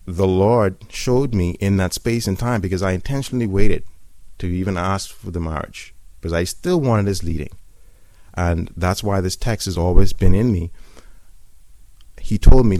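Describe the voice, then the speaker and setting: A man's voice: low-pitched, normal speed, mellow, no room sound. A man giving a personal church testimony, telling his story in an earnest, reflective way.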